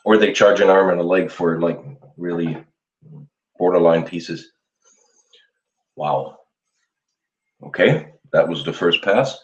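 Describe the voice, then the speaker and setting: Very deep-voiced man chatting while shaving. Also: slow pace, long pauses. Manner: relaxed, rambling, chuckles often, talks to viewers. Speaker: livestream host. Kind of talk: casual live chat while shaving. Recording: roomy dull lo-fi sound.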